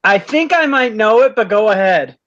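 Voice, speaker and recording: A man with a high, bright voice hosts a casual stream chat, telling jokes with an animated, bouncing delivery and laughing often. The sound is somewhat dull and lo-fi. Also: normal speed. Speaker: live stream host.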